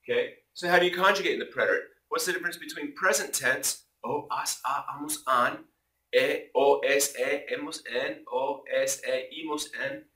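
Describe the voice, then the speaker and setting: A bright, energetic man explains a lesson in a jokey way, now and then booming out an exclamation. His voice bounces around a reverberant room. The mic sits some distance away, so he sounds slightly far off. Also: normal speed. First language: English. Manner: energetic, jokey, punctuates points with loud exclamations. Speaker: Spanish teacher.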